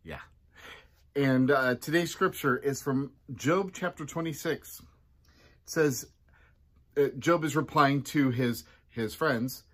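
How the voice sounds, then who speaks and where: Pastor guy doing a chatty morning devotional, mid pitch, swings way up when he acts out lines. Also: slow, pauses often, a bit bright. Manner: chatty, acts out quotes with big pitch jumps. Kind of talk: casual devotional talk.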